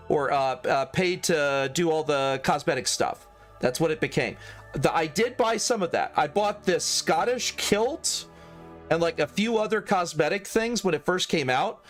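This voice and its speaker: A man's voice: a little high, moderate pace, a bit bright, soft background music. A man giving casual, rambling commentary while streaming a video game. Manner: chatty, rambling, prone to tangents.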